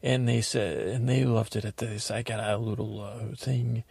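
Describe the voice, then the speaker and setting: A man rambling naively through a comic podcast monologue in character, halting often and acting out what others said. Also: fairly low pitch, fairly even intonation, gravelly, darkish tone, slightly rough, dry recording. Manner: acts out quotes in silly voices.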